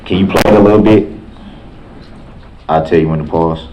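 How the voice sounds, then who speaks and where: Deep, dark-voiced man cross-examining in court. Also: steady tone, a little hiss or hum. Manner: halting, repetitive questioning with restarts. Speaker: defendant questioning a witness. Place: large courtroom. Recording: echoey courtroom, dull lo-fi sound.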